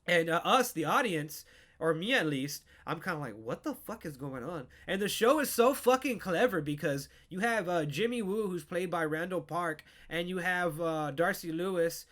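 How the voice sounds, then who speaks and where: A man hosting a podcast, recapping a TV show in an excitable, swearing, filler-heavy way. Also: fairly high pitch. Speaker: podcast host. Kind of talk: casual pop culture recap.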